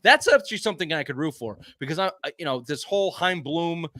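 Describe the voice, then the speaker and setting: A man's voice: fairly high pitch, expressive, quick pace, bright, forceful tone, dry recording, clean studio sound. A man hosting a sports talk podcast, ranting emphatically and swearing often in casual heated chat.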